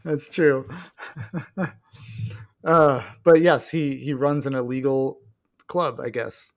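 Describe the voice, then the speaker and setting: A man's voice: mid-range voice, steady tone, vocal fry. Chuckling man recapping a plot. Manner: laughing, halting plot recap. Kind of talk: casual movie chat.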